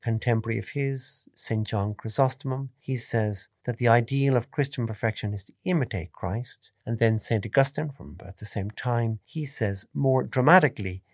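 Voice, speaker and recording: A priest giving a calm, measured spoken meditation, stressing key points by repeating them. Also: male voice, mid-range voice, gravelly, no echo, studio quality. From Ireland. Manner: calm, measured teaching tone with emphatic repetitions.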